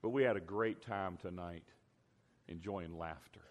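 An older man preaching a sermon as a pastor, emphatic, drawing out key words slowly. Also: sits low. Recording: long hall reverb.

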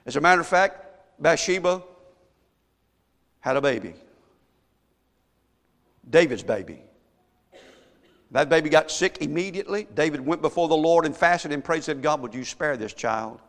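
A male pastor preaching a sermon, telling a story and swinging from hushed asides to shouted emphasis. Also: a little high, animated, moderate pace, long pauses. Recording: long echo of a large hall.

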